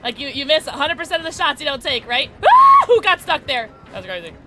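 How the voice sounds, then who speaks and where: Woman streamer, high lively voice, chatty gameplay talk, noisy background. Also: fast. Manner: chatty, reacts loudly, reads chat aloud. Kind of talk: casual gameplay livestream chat. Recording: steady background noise.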